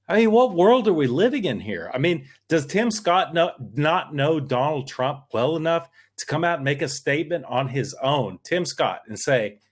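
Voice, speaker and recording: A man's voice: fairly high pitch, very animated, normal speed, fairly bright tone. A man co-hosting a political podcast, talking in a worked-up, emphatic and rambling way. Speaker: podcast co-host. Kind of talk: casual political podcast chat.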